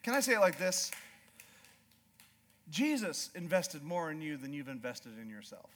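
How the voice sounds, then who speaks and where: A high-pitched man preaching a church sermon. He moves between quiet, hushed storytelling and loud, fervent declarations, often stumbling over repeated words as he restarts. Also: sing-song, moderate pace, slight background noise. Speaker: pastor.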